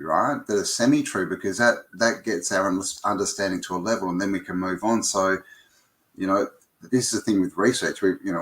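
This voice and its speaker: A man's voice: lowish voice, a bit bright. A man hosting a casual live stream, greeting viewers by name and rambling with lots of ums and restarts.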